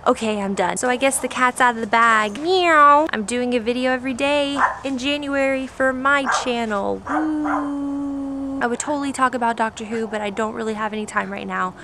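A young woman vlogger chatting in a bubbly, rushed way to her viewers. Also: on the high side, fairly even intonation, background noise. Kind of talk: casual vlog chat.

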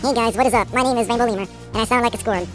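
A man doing a squeaky, chipmunk-like young guy who chatters at a frantic clip, chirpy and self-mocking. The voice sits way up high, far above a normal speaking voice. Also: very fast, a bit bright, faint music behind.

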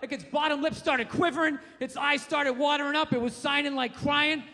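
A man doing stand-up comedy, loud and profane, often building to shouts. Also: very high voice, fairly even intonation, a little fast, big-room sound.

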